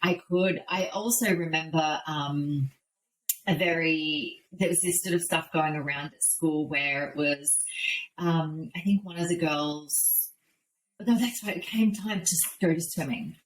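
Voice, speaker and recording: A woman's voice: low-pitched, unhurried, a little hiss or hum, low-quality recording. A woman in her thirties hosting a podcast, chatting candidly in a casual interview with lots of restarts and "like". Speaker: podcast host.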